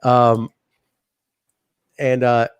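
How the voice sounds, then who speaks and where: A man's voice: mid-range voice, monotone, very slow, smooth, no room sound, lo-fi sound. A man co-hosting a casual wrestling review show, talking animatedly, laughing often and acting out quotes. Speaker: podcast co-host. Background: live chat audience.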